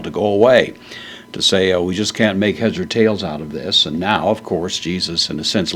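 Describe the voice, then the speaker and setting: A man giving a measured, verse-by-verse Bible lesson, explaining the Greek words with frequent pauses. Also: low-pitched, husky. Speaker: Bible teacher.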